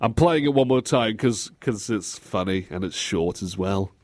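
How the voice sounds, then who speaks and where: A man's voice: lowish voice, normal speed, heavy background noise. A man co-hosting a radio show, chatting casually and laughing as he acts out quotes. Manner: animated and giggly, acting out quotes. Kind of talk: casual chat on air. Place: radio studio desk.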